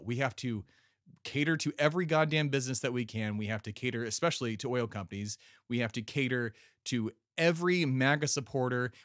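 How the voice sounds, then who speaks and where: A man's voice: medium pitch, no echo, studio quality. A man sending in an angry, profane rant, stumbling over his words as he vents.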